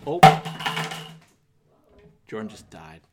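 A man's voice: lowish voice, very animated, takes it slowly, very noisy. A young man co-hosting a casual podcast, joking and laughing often as he wraps up the show. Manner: joking, laughs often, ranting in mock threats. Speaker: podcast co-host.

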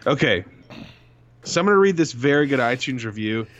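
A man's voice: medium pitch, expressive, fairly quick, a bit bright. A young man co-hosting a casual podcast, joking around and swearing freely. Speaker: podcast co-host. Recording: dull lo-fi sound.

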